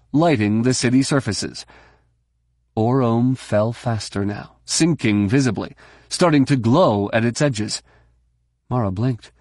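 A man narrating an audiobook in a brisk, steady storytelling manner. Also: lowish voice, no echo, clean studio sound. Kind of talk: scripted narration.

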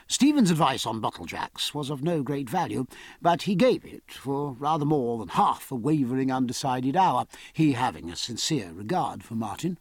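A man reading a novel aloud as narrator, in a measured, expressive storytelling manner. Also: mid-range voice, breathy edge, no echo, clean studio sound. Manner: measured, expressive storytelling with varied character voices. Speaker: audiobook narrator. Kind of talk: scripted narration.

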